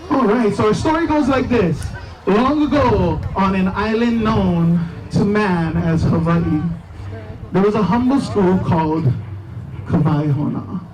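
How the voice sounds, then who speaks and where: A man's voice: high voice, unhurried, slight background noise. A man playing Spider-Man at a school assembly, joking with the kids and telling a story. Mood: storytelling. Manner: joking, teasing the audience. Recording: distant mic, loud crowd and music.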